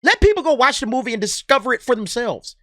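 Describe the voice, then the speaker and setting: A man's voice: extremely high pitch, sing-song, fast, pushed and bright, no room sound, studio quality. A man ranting in an opinion commentary vlog, blunt, exasperated and sarcastic, with plenty of slang. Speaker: movie commentary vlogger.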